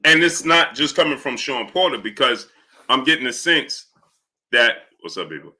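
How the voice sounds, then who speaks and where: Bright-voiced man hosting a live stream. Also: mid-range voice, big pitch swings, moderate pace. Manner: greets chatters by name between points. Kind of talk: casual live stream chat.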